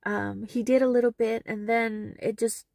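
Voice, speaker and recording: A woman's voice: a little high, fairly even intonation, moderate pace, vocal fry, darkish tone, no room sound, clean studio sound. A middle-aged woman telling a personal story in a vlog, earnest and emotional as she retells conversations. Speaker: vlogger.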